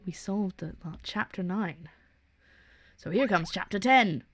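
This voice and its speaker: A woman's voice: medium pitch, a little slow, faint music behind. A young woman streamer giving casual, chatty commentary while playing a game, often giggling and cutting herself off mid-sentence. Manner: chatty, giggly, self-interrupting.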